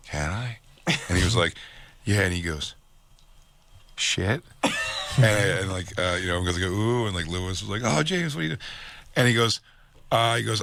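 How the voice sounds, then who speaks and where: A man co-hosting a casual comedy talk show, telling stories with lively voices for the people in them. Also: low-pitched, no room sound. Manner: animated storyteller, does voices of others; laughs while telling stories. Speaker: co-host.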